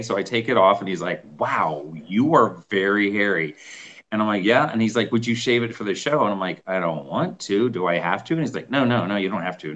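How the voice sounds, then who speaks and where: A middle-aged man telling a story as an interview guest, animated and acting out the voices of people he quotes. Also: lowish voice. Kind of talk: casual storytelling.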